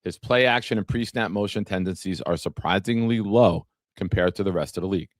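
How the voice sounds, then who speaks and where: In a low-pitched, brisk voice, a man chats with viewers by name and reads from an article while hosting a casual sports talk livestream. He is a podcast host, and the studio-quality audio has no echo.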